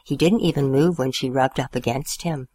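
A woman hosting a community radio show, reading a children's story aloud in a gentle, expressive way. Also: a bass voice, normal speed. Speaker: radio host reading stories.

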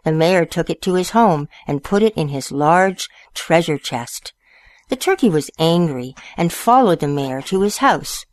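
A woman storyteller reading picture books aloud in a slow, expressive way. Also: deep voice, no echo.

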